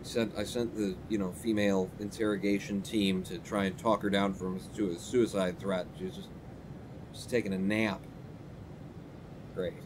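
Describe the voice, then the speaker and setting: A man's voice: sits low, normal speed, background noise. A man streaming a game live, reading its text aloud and making sarcastic asides to his chat. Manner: animated, sarcastic, talks to chat.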